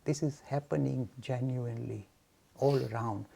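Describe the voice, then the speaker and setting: A man from India gives a frank, forceful lecture on Hinduism to students. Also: medium pitch, normal speed, vocal fry. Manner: forceful, frank, animated, mock-arrogant.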